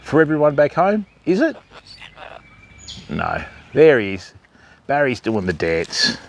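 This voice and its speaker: A man's voice: medium pitch, huge pitch swings, unhurried, gravelly, slight background noise. An Australian man hosting a live stream outdoors at a wildlife park, chatting with viewers and talking up to the animals in a raised voice. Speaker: livestream host.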